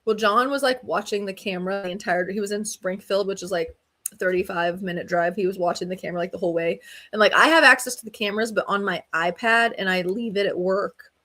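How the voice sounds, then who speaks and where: A woman's voice: mid-range voice, fast. A young woman co-hosting a podcast, chatting casually and acting out quotes in her stories. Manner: animated storyteller, acts out quotes. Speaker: podcast co-host. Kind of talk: casual chat.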